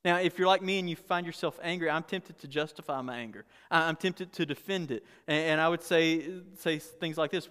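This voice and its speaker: A man's voice: a little high, steady tone, fairly quick, few pauses, a bit bright, clean tone. Man preaching a candid sermon in a hall. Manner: candid, humorous, conversational preaching with frequent restarts. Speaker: pastor.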